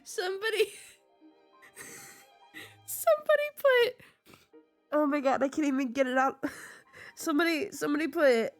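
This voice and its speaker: Giggly young gal streaming a game, kinda high voice, rambly chat. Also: female voice, lively intonation, moderate pace, pauses often, dry recording, soft background music. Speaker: streamer playing a video game. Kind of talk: casual live-stream chat.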